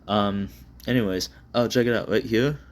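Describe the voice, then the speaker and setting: A man's voice: on the low side, fairly even intonation, normal speed, a little hiss or hum. A man talking casually into a propped-up phone while he draws, rambling and self-deprecating, with lots of fillers and swearing. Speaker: vlogger drawing on camera. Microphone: phone propped up on the desk.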